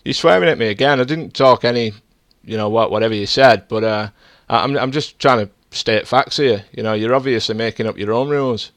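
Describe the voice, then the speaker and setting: Fast-talking, defensive male racing streamer. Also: medium pitch, no room sound. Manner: defensive, insistent, lecturing. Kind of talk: heated in-game voice chat argument.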